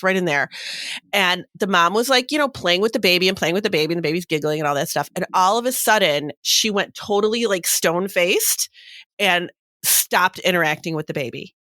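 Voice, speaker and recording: Chatty woman podcast host, lower voice. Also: fairly quick, no echo, studio quality. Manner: animated storytelling with many fillers. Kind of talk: casual chat.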